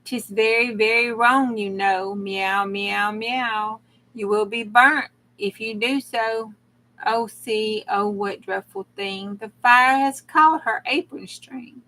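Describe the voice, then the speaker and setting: Small fretful storybook pussycats, read aloud by a woman, mewing their rhymed warnings in a slow, bright, fairly high voice. They sound like a cozy bedtime reading more than a cartoon. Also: exaggerated voice, low-quality recording. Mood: alarmed.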